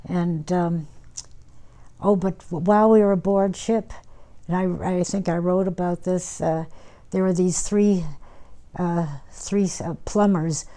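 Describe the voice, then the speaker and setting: A woman's voice: lowish voice, fairly even intonation, unhurried, warm tone. An older woman recalling her years as a nurse in an oral history interview, talking in a rambling way with many fillers and restarts. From United States.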